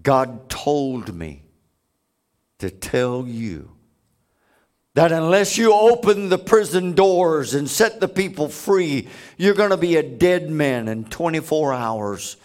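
Man plays a bold preacher with a stern warning: firm, solemn, slow, a little high. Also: very animated. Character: bold male preacher delivering God's warning.

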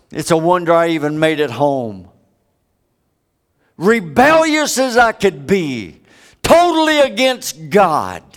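Male preacher going slow n dramatic, voice jumps all over, loud then hushed. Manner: dramatic, swinging from loud highs to hushed lows. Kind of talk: sermon.

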